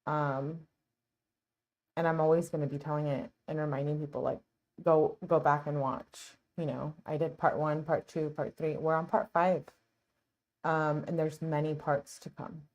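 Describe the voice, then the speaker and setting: A woman's voice: sits low, level tone, normal speed, a little mellow, muffled recording. A woman hosting a true crime channel, talking casually and earnestly over footage she plays. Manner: earnest, outspoken, chatty.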